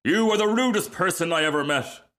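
A man's voice: high voice, lively intonation, a little fast, sharp tone, pitched above the performer's own voice. A man voicing a pompous, self-pitying male firework rocket in a storybook reading, haughty and theatrical.

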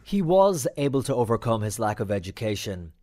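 A male host reading scripted narration with an even, clear delivery. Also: mid-range voice, a little fast.

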